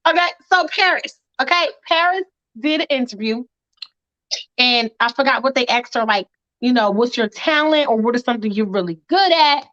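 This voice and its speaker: Woman with a high voice chatting on a podcast, acts stuff out, kinda muffled sound. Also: moderate pace, no room sound. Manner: animated storytelling, acts out her own reactions. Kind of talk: casual chat. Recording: muffled lo-fi audio.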